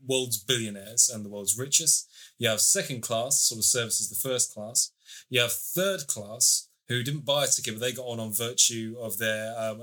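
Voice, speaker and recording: A man's voice: medium pitch, pushed and bright. A man co-hosting a podcast, casually summarizing and reviewing a TV series at length, with the odd swear. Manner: chatty, swears casually, long plot summaries.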